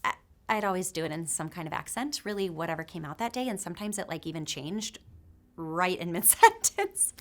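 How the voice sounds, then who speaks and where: A woman's voice: lowish voice, sing-song, brisk. A middle-aged woman speaking to a mothers' group in a conversational, heartfelt, faith-based talk.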